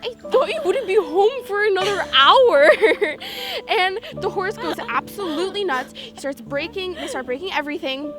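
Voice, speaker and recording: A young woman with a high voice who tells filthy jokes, laughing through them. She is irreverent and affectionate, with music playing behind her in a film scene. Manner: laughing, crude storytelling. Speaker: girlfriend character telling a joke. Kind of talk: film dialogue, casual banter.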